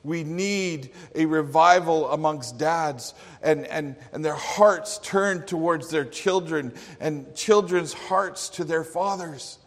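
A man's voice: fairly high pitch, slow, hardly any pauses. A man preaching a sermon in an earnest, emphatic manner. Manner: earnest, emphatic, with acted quotes. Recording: long hall reverb.

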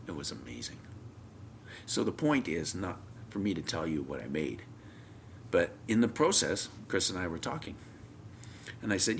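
A man preaching a sermon, telling a homely story, his voice swinging from loud emphasis down to near whispers. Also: low-pitched, a little hiss or hum.

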